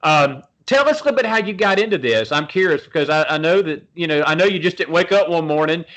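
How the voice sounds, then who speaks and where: A man's voice: a little high, lively intonation, quick pace, a bit bright. A middle-aged man hosting a talk show, speaking in an earnest, folksy, repetitive way. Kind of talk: conversational interview talk.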